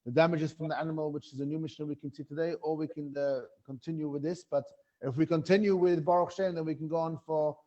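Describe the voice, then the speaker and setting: A man's voice: on the high side, fairly even intonation, quick pace, warm tone, dull audio. Chuckling, questioning male Gemara teacher. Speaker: Torah teacher. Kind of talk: online Gemara class.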